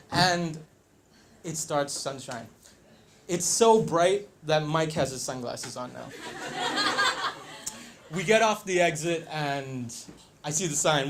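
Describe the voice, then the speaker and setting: A man telling a story on stage, lively, acting out the voices and laughing along. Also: on the high side, slow, long pauses, a little hiss or hum. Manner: animated, acts out quotes, laughs along. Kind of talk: live storytelling performance.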